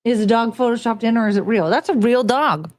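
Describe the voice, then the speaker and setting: A woman's voice: on the high side, a little fast, darkish tone, dry recording. A woman hosting her own podcast, chatting loosely on her own and now and then scatting beats or cooing at her dogs. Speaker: podcast host. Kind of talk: casual solo chat.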